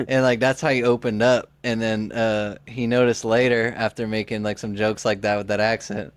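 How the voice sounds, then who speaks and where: A man's voice: lowish voice, little pitch movement, moderate pace, clear, resonant tone, no echo. A man in his twenties, a podcast co-host, telling a story in a rambling casual way with lots of "like" and restarts. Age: 20s. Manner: rambling, heavy use of "like", frequent restarts.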